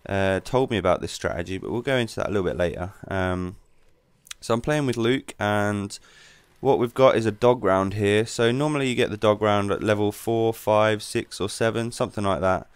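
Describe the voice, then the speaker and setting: A man giving relaxed, rambling commentary over his gameplay as the channel's host. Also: lowish voice, normal speed, smooth, dry recording.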